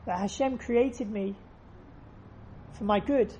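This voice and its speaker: A woman's voice: mid-range voice, slow pace, warm tone, a little hiss or hum. A woman giving an earnest faith lesson, telling stories and repeating phrases for emphasis. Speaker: religious teacher.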